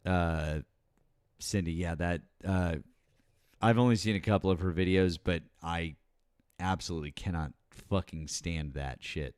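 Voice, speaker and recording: A man's voice: sits low, measured pace, a little mellow, smooth, dry recording, clean studio sound. A man co-hosting a casual political chat, blunt and full of swearing and hesitant fillers. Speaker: co-host.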